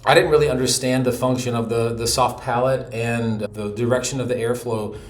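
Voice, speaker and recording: A middle-aged man teaching a relaxed, chatty voice lesson, breaking into short sung demonstrations. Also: mid-range voice, fairly quick. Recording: echoey room with faint noise.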